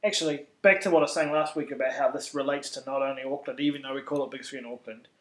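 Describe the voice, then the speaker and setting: A man's voice: mid-range voice, fairly even intonation, fast, a bit bright. A man co-hosting a film review chat, jokey and rambling. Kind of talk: casual chat. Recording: roomy echo.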